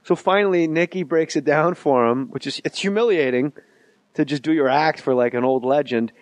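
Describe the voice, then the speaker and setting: A man with a slightly high voice hosts a casual comedy podcast, spinning loose, profane stories full of asides. His voice sits dry and close, with no room sound around it. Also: no room sound. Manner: profane, rambling storyteller with quick asides. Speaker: podcast host.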